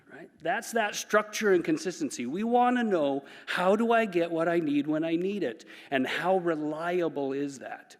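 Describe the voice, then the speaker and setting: Animated male psychologist in a hall. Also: high-pitched, moderate pace, hardly any pauses. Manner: animated and playful, acts out quoted voices. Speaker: conference speaker, psychologist. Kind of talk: conference talk. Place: conference hall. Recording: reverberant conference hall.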